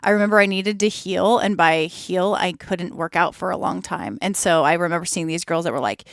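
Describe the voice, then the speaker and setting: A woman podcast guest talks candidly, lively and quick to act out her own inner thoughts. Her voice sits on the lower side for a woman. The sound is dry and close, with no room echo. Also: gravelly. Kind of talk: candid conversational interview.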